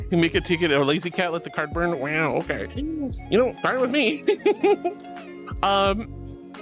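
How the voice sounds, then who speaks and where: A woman streams and chats casually with her viewers, playful and over the top, and her pitch leaps and dips constantly. She calls people honey and sweetie, and faint music plays underneath her. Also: animated, measured pace. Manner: playful and dramatic, often laughing. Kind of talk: casual livestream chat.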